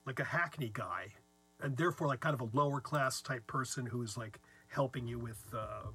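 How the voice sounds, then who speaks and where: A man's voice: mid-range voice, moderate pace, pushed and bright, slightly rough. A man co-hosting a casual chat about word origins, playful and teasing, laughing often. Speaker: podcast co-host.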